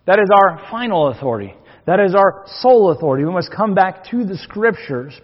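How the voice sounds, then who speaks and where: Man, pastor, folksy sermon, joking asides, slightly high voice, long church reverb. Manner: folksy, joking asides between scripture readings. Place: church sanctuary. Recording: long hall reverb, dull lo-fi sound.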